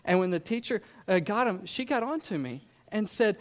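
A man's voice: high-pitched, lively intonation, normal speed, few pauses. A man who grew up in Scotland, preaching a sermon in an earnest, emphatic way and asking the listeners rhetorical questions. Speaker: pastor.

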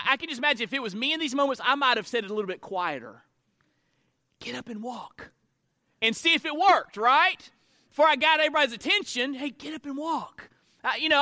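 A man preaching a sermon as pastor, animated, swinging between loud and soft delivery and asking the congregation questions. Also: very high-pitched, dry recording, clean studio sound.

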